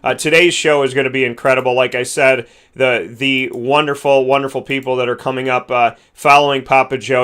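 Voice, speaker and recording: A man's voice: medium pitch, flat delivery, brisk, few pauses, fairly bright tone, clear, resonant tone. A man hosting a podcast, talking earnestly and at length with many restarts. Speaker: host. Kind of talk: heartfelt podcast chat.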